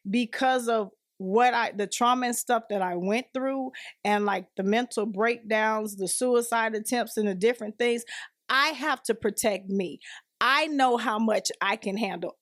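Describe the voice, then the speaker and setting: A woman's voice: fairly high pitch, a bit bright, dry recording, clean studio sound. A woman as a podcast guest, sharing her personal story earnestly and acting out what others said. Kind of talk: personal testimony in conversation.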